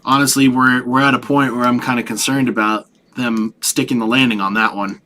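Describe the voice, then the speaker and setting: A man co-hosting a podcast who chats casually about films, speaking haltingly with lots of fillers and restarts. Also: medium pitch, little pitch movement, pushed and bright. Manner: halting, stumbling, many fillers. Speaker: podcast co-host. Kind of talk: casual movie review chat.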